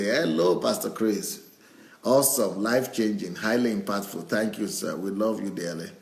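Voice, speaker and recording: A man's voice: fairly low pitch, vocal fry, a little mellow. A man, a pastor, reading out viewer comments and chuckling often as he goes. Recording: roomy echo.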